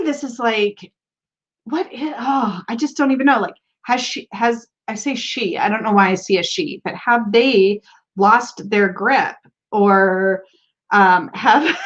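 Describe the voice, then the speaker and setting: Bubbly American woman, lo-fi stream. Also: fairly high pitch. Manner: bubbly, giggly, reads viewer comments aloud. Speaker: tarot livestream host. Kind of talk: casual live-stream chat.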